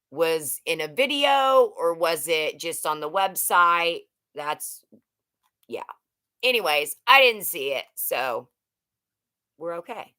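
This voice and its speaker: A woman's voice: low-pitched, sharp tone. A middle-aged woman hosting a casual livestream, rambling and chatting as she reads out viewer comments. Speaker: livestream host. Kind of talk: casual live chat with viewers.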